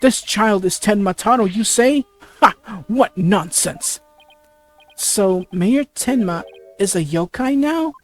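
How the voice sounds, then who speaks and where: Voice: mid-range voice, lively intonation, takes it slowly. A reader doing a bewildered old judge. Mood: puzzled. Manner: puzzled questioning; stammers over the lines. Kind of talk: let's play dialogue reading.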